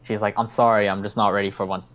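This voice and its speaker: A man's voice: fairly low pitch, little pitch movement, fast, fairly bright tone, muffled recording, a little hiss or hum. A young man hosting a podcast, telling a story in casual chat, rambling, swearing a lot and acting out his own lines. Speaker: podcast host.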